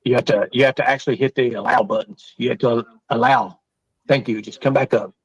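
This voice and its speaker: A man's voice: medium pitch, fairly even intonation, brisk, breathy edge, dry recording, highs cut off. Foul-mouthed mocking man hosting a stream. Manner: mocking, profane, needling. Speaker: livestream host. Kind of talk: crude roast-style panel chat.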